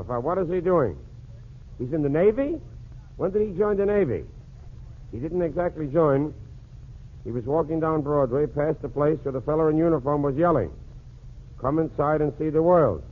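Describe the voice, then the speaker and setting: A man's voice: a little high, breathy edge. A man hosting a 1940s radio comedy show, cracking jokes through a one-sided phone call. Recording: tinny old radio broadcast with faint hiss.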